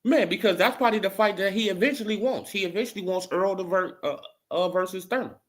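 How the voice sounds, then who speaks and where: This host runs a casual boxing commentary stream, his talk loose and repetitive and his points capped with a rhetorical "right?". He speaks fast in a high voice.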